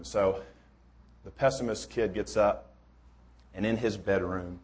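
A man's voice: lowish voice, fairly even intonation, normal speed, slightly rough. A man preaching a sermon in a casual, rambling way, with joking asides and many restarts.

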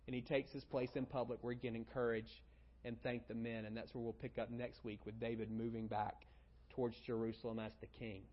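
A man's voice: medium pitch, highs cut off. A man preaching as a pastor, reading scripture aloud and then explaining it in a conversational way. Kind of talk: sermon.

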